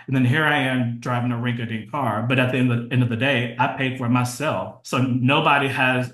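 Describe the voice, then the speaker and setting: A man talks openly as a podcast guest, his thoughts coming in short restarting bursts with fillers. His voice sits at a middle pitch. The room around him sounds echoey. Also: steady tone, a little fast, few pauses, fairly bright tone. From United States. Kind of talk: casual interview conversation.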